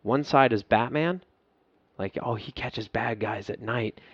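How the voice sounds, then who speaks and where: A man's voice: mid-range voice, unhurried, fairly bright tone, husky, no room sound. Podcast guest, male, raw storytelling, swears freely; muffled dead-room sound. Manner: profane, emotional, laughs at himself. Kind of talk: candid storytelling.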